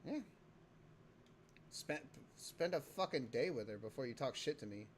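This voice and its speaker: A young man hosting a casual livestream, swearing often and breaking into loud excited outbursts while he plays a game. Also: medium pitch, unhurried, a little hiss or hum. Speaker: livestream host.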